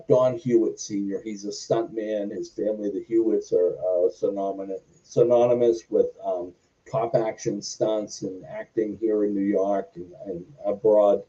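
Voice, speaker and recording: This is a middle-aged former stuntman and wrestler from Boston with a warm, mid-range voice. Sitting in as an interview guest, he tells a long, wandering story that keeps veering onto tangents, and he acts out the quoted speech. The sound is muffled and distant.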